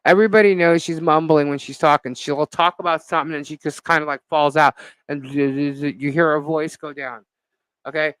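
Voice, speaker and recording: A woman live-streaming as a vlogger, telling a gossip story in an animated, indignant way with lots of fillers. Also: sits low, brisk, smooth, dry recording, low-quality recording.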